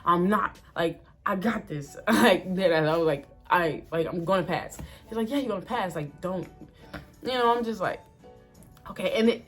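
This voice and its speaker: A young woman chatting casually to her viewers as she tells a story, full of "like" and "y'all", with lively ups and downs. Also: mid-range voice, breathy edge. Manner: chatty and expressive, fillers like "like", addresses viewers as y'all. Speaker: vlogger telling a story.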